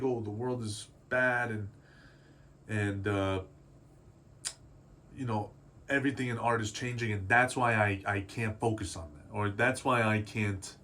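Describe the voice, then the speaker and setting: A man in his twenties, an artist vlogger, talks candidly in a confessional vlog, rambling, self-doubting, and casually swearing as he works through his feelings. His mid-range voice is bright and forceful at a normal speed, with faint background noise.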